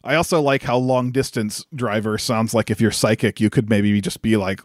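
A man co-hosting a podcast in casual chat, animated and laughing often, with many "like" fillers. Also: lowish voice, normal speed, no room sound, studio quality. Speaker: podcast co-host.

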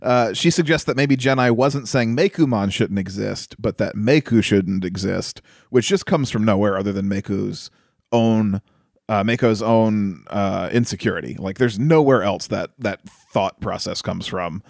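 A man's voice: lowish voice, moderate pace, creaky, darkish tone, dry recording, studio quality. A man co-hosting a casual film review chat, chatty and incredulous, often laughing. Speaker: podcast co-host reviewing a film.

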